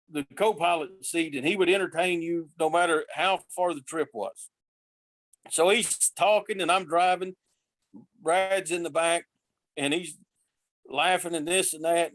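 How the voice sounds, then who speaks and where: A man's voice: on the high side, no room sound. Man with a drawl spinning yarns. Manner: lively, acts out quoted voices. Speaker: podcast guest telling road stories. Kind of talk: casual storytelling.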